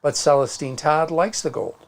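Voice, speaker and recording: A man's voice: fairly high pitch, moderate pace, gravelly. A man with a Midwestern accent co-hosting a casual crafting livestream, chatting and reading out viewer comments. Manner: chatty, storytelling, reads out comments.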